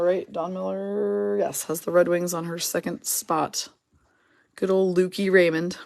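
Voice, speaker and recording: A woman hosting a live card break, quickly reading out player names and teams and chatting with viewers in the comments. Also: on the low side. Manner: brisk, reads names and teams in quick lists, chats with viewers.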